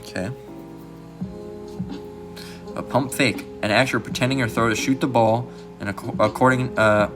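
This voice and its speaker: Rambling low-voiced man over background music. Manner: rambling, fills with "all right" and "you know"; mimics others in a raised mocking voice. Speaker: channel host. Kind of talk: casual rambling commentary. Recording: music playing behind the voice.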